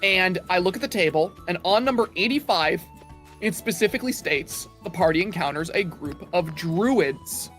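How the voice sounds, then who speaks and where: A man who runs tabletop games tells a story from one of his sessions in a lively, casual way, building up to each punchline. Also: high-pitched, moderate pace, faint music behind. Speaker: tabletop game master. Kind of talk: casual storytelling over voice chat.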